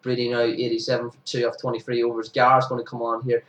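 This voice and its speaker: A young man, sniffly with hay fever, giving casual commentary over his club's cricket highlights and bursting into excited shouts at big moments. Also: fast, lo-fi sound. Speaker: amateur cricket commentator for his own club. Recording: roomy sound, distant from the mic.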